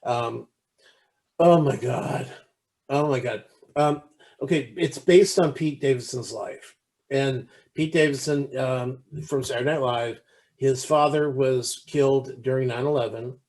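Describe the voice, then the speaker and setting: A man co-hosts a podcast, chatting casually in a mid-range, darkish voice at a measured pace. Retelling a movie, he acts out quoted lines, his talk full of restarts and fillers.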